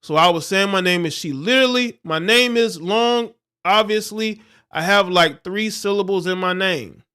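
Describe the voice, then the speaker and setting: A man's voice: high-pitched, normal speed, sharp tone, smooth. A male livestream host who reads a news story aloud and breaks off into scornful, insulting, preachy commentary. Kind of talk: reading news and ranting commentary.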